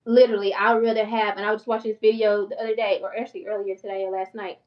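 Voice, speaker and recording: A woman's voice: mid-range voice, level tone, fast talker. A middle-aged woman talking casually to her viewers, chatty and candid, laughing often, as a financial coach. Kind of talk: casual talk to camera. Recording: dull lo-fi sound from a distance.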